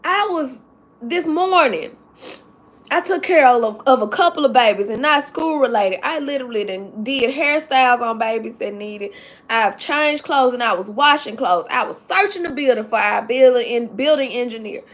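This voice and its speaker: A woman's voice: on the high side, animated, moderate pace. A woman who works at a school, telling an emotional story on a casual live stream, close to tears, talking straight to her chat and repeating herself. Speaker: livestream host telling a story.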